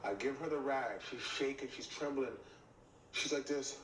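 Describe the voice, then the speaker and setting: A man tells a story in a lively way, voicing both himself and the other person and saying "I was like" again and again. His voice is in the middle range and sounds roomy and a little distant. A faint hum of the room sits under the recording. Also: mid-range voice, normal speed. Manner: acts out both sides of the dialogue, often repeating "I was like". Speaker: reality TV cast member telling a story. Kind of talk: animated storytelling. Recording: echoey room, mic at a distance, faint ambience.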